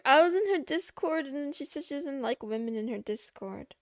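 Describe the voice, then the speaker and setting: This VTuber streamer is a young woman working through coding tasks at her desk while joking with her chat in a giggly, playful way. Her voice is high and sing-song, fairly bright, at a normal pace. The recording is dry, with clean studio sound.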